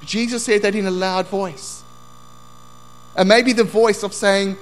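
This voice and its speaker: A man's voice: high voice, steady tone, unhurried, rough recording. A man preaching a sermon, telling a personal story and quoting scripture emphatically.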